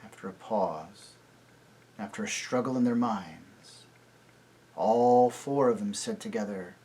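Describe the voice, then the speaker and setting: Man, priest, storybook reading, very slow, deliberate. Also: fairly low pitch, mellow, husky.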